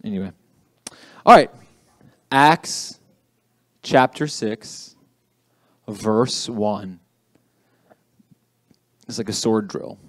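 A man's voice: lowish voice, very slow, long pauses, a bit bright, dry recording. Young male youth pastor, casual sermon delivery, self-deprecating, dry close recording. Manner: chatty, self-deprecating, says "okay" often. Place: church youth room.

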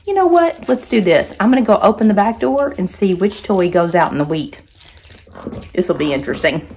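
A woman's voice: mid-range voice, animated, normal speed, darkish tone, a little hiss or hum. A woman, chatting casually to her viewers and her dogs at home, laughing often. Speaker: vlogger, dog owner. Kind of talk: casual vlog narration talking to her dogs. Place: home and backyard.

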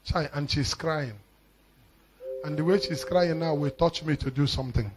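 A man with a Nigerian accent preaching a live prophetic sermon as a pastor, commanding and emphatic, repeating phrases and breaking into shouted declarations. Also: fairly high pitch, moderate pace, slight background noise, poor audio.

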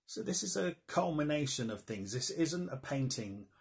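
A man's voice: on the high side, sing-song, normal speed, vocal fry, slightly rough. A man giving a casual, jokey online art history lecture, chatting and laughing at his own asides.

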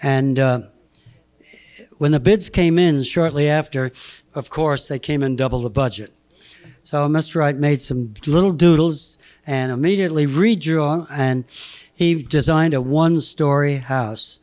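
Halting, chuckling old man telling stories. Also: on the high side, darkish tone. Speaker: guest speaker presenting slides. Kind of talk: anecdotal lecture.

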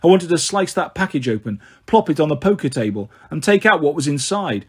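Husky-voiced man narrating a story. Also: fairly high pitch, fairly quick. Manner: first-person storytelling, steady reading. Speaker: audiobook narrator. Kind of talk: scripted narration.

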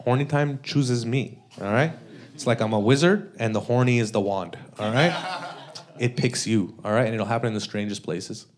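A man performs stand-up live in a club with audience laughter behind him, speaking in a mid-range voice at a moderate pace. He keeps it loose and conversational, often tossing in "all right?" and "you know?"

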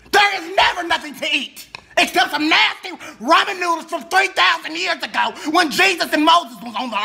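A man playing a loud, sassy, heavyset woman with a hot temper, ranting in a comedy sketch. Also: creaky, heavily acted. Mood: exasperated. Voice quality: shrill, yelling rants.

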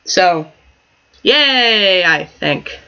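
A woman's voice: on the low side, animated, extremely slow, bright, forceful tone, clean tone. A woman casually commenting while playing a life-sim game, giggling often and rambling in chatty asides. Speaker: gaming channel host. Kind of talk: casual let's-play commentary. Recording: dull lo-fi home mic.

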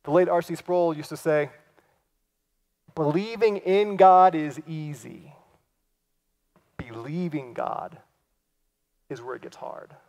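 A man preaching a sermon, acting out quoted lines and swinging from loud cries to hushed, near-whispered passages. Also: fairly high pitch, slow pace, pauses often. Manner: acts out quoted lines in lively voices. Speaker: pastor.

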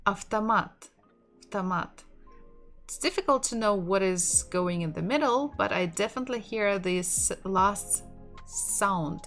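A woman's voice: medium pitch, measured pace, fairly bright tone, faint music behind. A woman from Russia, a native Russian speaker with a Russian accent, teaching a casual online language lesson, repeating words aloud and laughing lightly as she goes.

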